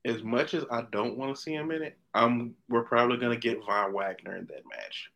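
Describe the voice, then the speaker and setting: A man co-hosting a podcast in casual chat, animated and opinionated, often restarting his sentences. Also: mid-range voice, brisk, vocal fry, slight background noise. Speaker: podcast co-host.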